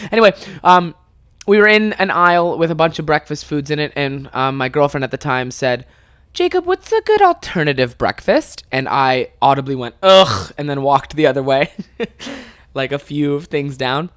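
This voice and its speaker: A young Canadian man hosts a podcast, casually telling a funny story in a mid-range voice. The recording is dry and studio quality. He's animated, swears a lot, and bursts into laughter.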